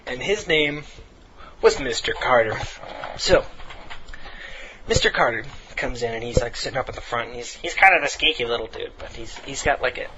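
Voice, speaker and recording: A man's voice: medium pitch, expressive, moderate pace, dull audio, crowd noise. A teenage man in his late teens who tells a rambling story between game commentary, laughing and swearing casually.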